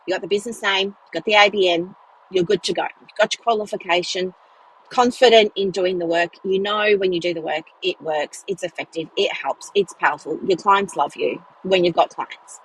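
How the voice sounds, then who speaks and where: A woman's voice: on the low side, moderate pace, a little hiss or hum, rough recording. A woman, a business mentor, chatting casually in a solo podcast, telling stories with lots of fillers and playful asides. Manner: chatty, animated storytelling with many fillers and "guess what" asides.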